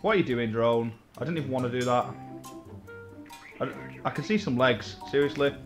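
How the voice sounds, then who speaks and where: A man's voice: medium pitch, normal speed, faint music behind. A man hosting a gaming channel, chatting casually over multiplayer gameplay, swearing a lot and laughing often.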